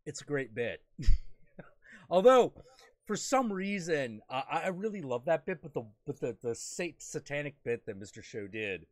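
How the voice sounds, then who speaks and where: A man's voice: fairly high pitch, big pitch swings, measured pace. A man hosting a live stream, chatting crudely and rambling through comedy sketch retellings. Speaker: livestream host. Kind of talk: casual crude chat.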